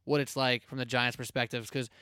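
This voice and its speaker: Smooth-voiced guy hosting a sports podcast, blunt and chatty, dry sound. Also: medium pitch, little pitch movement, fairly quick, bright, forceful tone, dry recording. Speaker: podcast host. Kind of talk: casual sports podcast talk.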